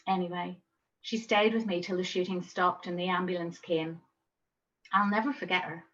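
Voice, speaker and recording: A woman voicing a young wounded man recounting his ordeal in a calm, matter-of-fact way. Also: on the low side, moderate pace, lo-fi sound, a little hiss or hum, natural voice.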